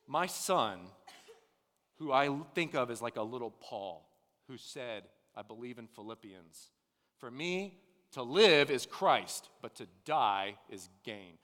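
A man in his thirties preaching a sermon, dropping to a hush and then building to loud, emphatic declarations. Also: medium pitch, animated, takes it slowly. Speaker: pastor. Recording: long reverb of a large hall.

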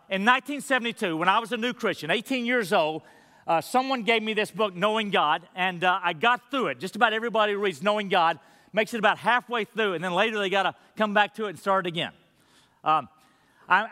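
A male pastor preaching a sermon in a high, bright, forceful voice. He is earnest and emphatic, shifting into patient teaching asides. The sound carries a long church-hall reverb. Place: church sanctuary.

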